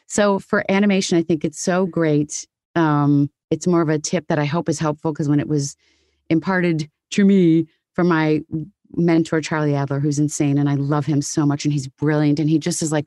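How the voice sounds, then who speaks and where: A middle-aged woman voice actor talking in a casual interview, animated and quick to break into voices. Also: deep voice, dry recording, studio quality. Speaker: guest voice actor.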